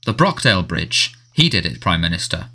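A man voicing a harried middle-aged male wizard minister who sounds defensive and fretful, talking quickly and pleadingly. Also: deep voice, very animated, pushed and bright, full character voice.

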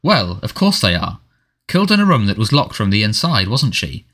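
A man voicing a harried middle-aged male wizard minister who sounds defensive and fretful, talking quickly and pleadingly. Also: lowish voice, very animated, a bit bright, full character voice.

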